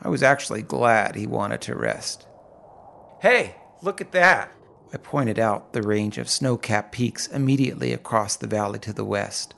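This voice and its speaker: Gravelly man narrating a story. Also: lowish voice, fairly even intonation. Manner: vivid, unhurried, descriptive storytelling. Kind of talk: first-person audiobook narration.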